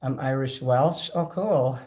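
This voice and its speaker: A man's voice: medium pitch, slow, a little mellow. A man hosting a karaoke livestream, chatting casually between songs, rambling and thanking viewers by name. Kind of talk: casual live-stream chat between songs.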